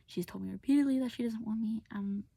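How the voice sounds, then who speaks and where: Speaking fast in a voice on the high side, gravelly, warm and breathy, a young woman recounts a personal story with no echo around her. She vents casually with many fillers, frequently sinking to a whisper, and sounds tearful.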